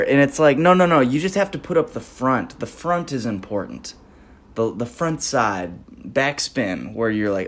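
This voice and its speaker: A young man hosting a podcast alone, ranting and rambling, swearing constantly and breaking into laughter, his volume swinging from loud outbursts down to mumbles. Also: mid-range voice, very animated, moderate pace. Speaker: podcast host. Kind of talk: solo comedic podcast rant.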